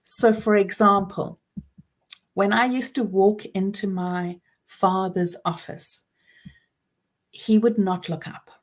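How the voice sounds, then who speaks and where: Woman, 40s, mid-pitched, earnest personal talk with soft reflective pauses. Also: steady tone. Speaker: speaker on trauma and healing.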